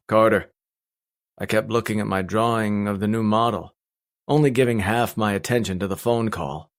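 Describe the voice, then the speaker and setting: A man reading a first-person audiobook in a blunt, steady storytelling manner. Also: on the low side. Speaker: audiobook narrator.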